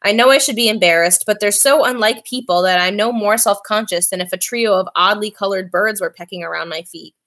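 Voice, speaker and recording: A woman's voice: mid-range voice, fairly quick, few pauses, fairly bright tone. Woman reading a novel aloud. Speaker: reader.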